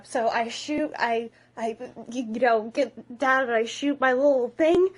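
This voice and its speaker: A woman's voice: on the high side, a little slow, few pauses. A young woman doing a comic, self-mocking retelling of a movie, acting out all the parts herself. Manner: breathless, jokey and self-mocking. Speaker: comedic solo performer.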